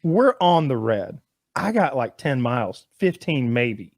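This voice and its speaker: A man in his thirties on a podcast, telling a story in a casual, animated way and jumping up in pitch when he acts out voices. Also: measured pace, no echo. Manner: animated storyteller who jumps high acting out voices.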